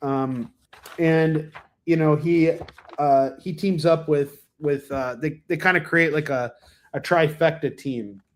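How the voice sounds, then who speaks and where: On a casual livestream, a man reviews comics with rambling enthusiasm, full of fillers and restarts and the odd cough. His slightly high voice stays steady and unhurried.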